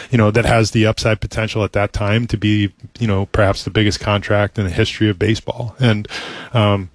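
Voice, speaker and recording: A middle-aged man speaks with a somewhat low voice in a relaxed interview, earnest and halting. He circles back through restarts and frequent "you know"s as he talks shop like a team executive. The sound is dry and close, with no room around it. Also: no echo. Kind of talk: casual interview talk.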